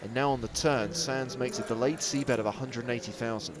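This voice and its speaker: A man's voice: medium pitch, brisk, noisy background. A man giving wry, precise play-by-play as a poker commentator on a live broadcast.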